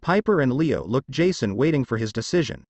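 A man narrating an action fan fiction story in an expressive storytelling manner. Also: medium pitch, a little fast, no echo.

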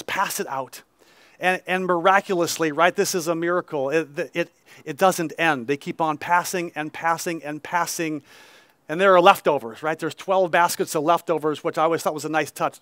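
A male pastor preaching a conversational sermon at an outdoor service, peppering his reading with "right?" asides and quick restarts. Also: high voice, fairly bright tone, no echo.

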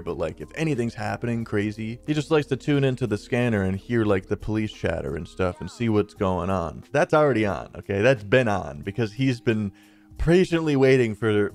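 Over gameplay, the host, a man in his twenties, chats his way through a personal story, wandering off track and saying "like" and "dude" a lot. His voice is fairly low in pitch with a darkish tone.

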